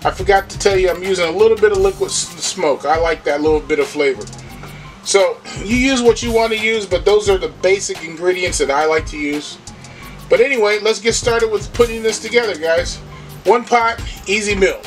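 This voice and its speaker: A man's voice: high-pitched, a little fast, soft background music. A man hosting a home cooking show, chatting casually and walking viewers through each step in his kitchen.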